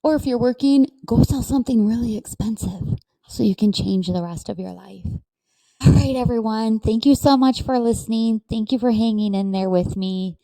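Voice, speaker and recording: A woman's voice: on the high side, mellow. A woman hosting her own podcast, talking casually and reflectively to listeners, encouraging herself and laughing often. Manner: slow, reflective and self-encouraging, with frequent laughs. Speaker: podcast host. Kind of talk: casual solo podcast monologue.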